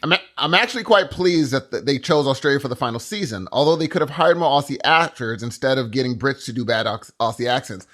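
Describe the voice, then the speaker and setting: A man's voice: mid-range voice, lively intonation, fast, few pauses, a bit bright. An American man co-hosting a podcast, chatting casually with dry, playful quips and reading listener mail aloud. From United States. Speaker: podcast co-host.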